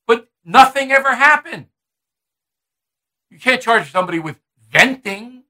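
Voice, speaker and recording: Combative high-voiced male commentator. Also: very animated, moderate pace, pauses often, pushed and bright, poor audio. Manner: combative, emphatic, scornful. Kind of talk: opinion commentary.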